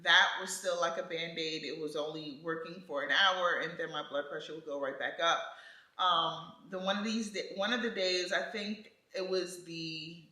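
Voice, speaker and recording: A woman vlogger casually telling her birth story in an animated way, often laughing. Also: lowish voice, moderate pace, echoey room, low-quality recording.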